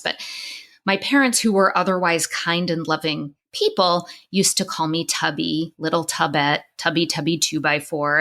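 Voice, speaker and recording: A woman's voice: sits low, vocal fry, sharp tone. A middle-aged woman podcast host and psychologist, telling a personal story in conversation, candid and emotional with many restarts, crying at times.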